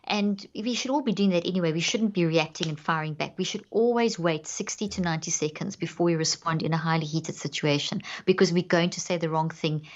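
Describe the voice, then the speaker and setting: A woman's voice: lowish voice, brisk, few pauses, highs cut off. A woman guest on a podcast interview, explaining earnestly and acting out inner self-talk as examples.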